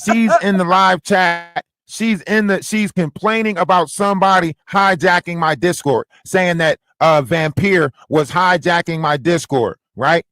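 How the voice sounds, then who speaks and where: A man with a notably high speaking voice, chatting on a livestream. He is loose and profane and hammers the same lines for emphasis, with a close, dry sound. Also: unhurried, few pauses, no echo. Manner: animated, profane, repeats phrases for emphasis. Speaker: livestream co-host. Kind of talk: casual livestream commentary.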